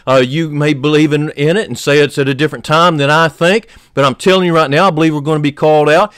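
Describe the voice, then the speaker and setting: A male pastor from the United States delivers a sermon with fervent conviction. His voice sits slightly high, swinging between loud emphatic peaks and low, soft passages. The sound is dry and close, with no room echo. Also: fairly even intonation, fast, clean tone. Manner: fervent preaching, rising loud on key points, dropping low and soft.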